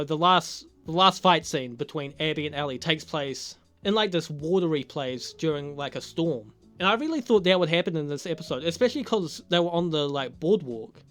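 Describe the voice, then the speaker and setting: A man giving a casual, profane recap of a TV episode, laughing often and acting out lines from the characters. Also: fairly high pitch. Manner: profane, laughing, animated retelling with acted quotes. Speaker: video reviewer.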